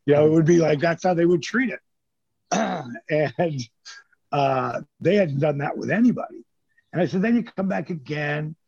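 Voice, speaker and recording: A middle-aged man, a former pro wrestler, telling stories as an interview guest in a lively, casual way and swearing freely. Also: fairly high pitch, normal speed, gravelly, slightly rough, dry recording. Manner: animated storyteller who acts out quotes, swears freely. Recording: dull lo-fi dry sound.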